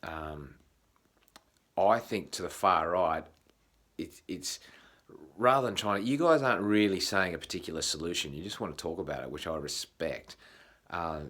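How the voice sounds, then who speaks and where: Australian male vlogger, deep voice, loose off-the-cuff monologue, salty language, halting delivery. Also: animated, fairly bright tone. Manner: frequent swearing, halting restarts. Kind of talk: casual rambling monologue.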